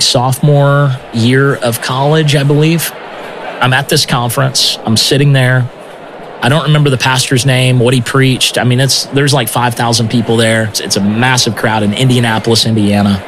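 A man sharing a personal testimony in an interview, earnest and animated, often stumbling over repeated words. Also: mid-range voice, slight background noise.

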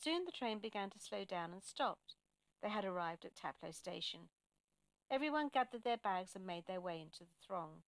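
Woman storyteller, gentle measured reading, mid pitch, very dry sound. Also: lively intonation, dry recording. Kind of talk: storytelling narration.

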